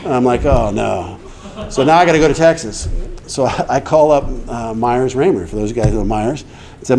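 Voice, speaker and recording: A man's voice: mid-range voice, quick pace, mellow. A middle-aged man telling his recovery story to an audience, acting out the dialogue and laughing along the way. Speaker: recovery speaker. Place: meeting hall before an audience.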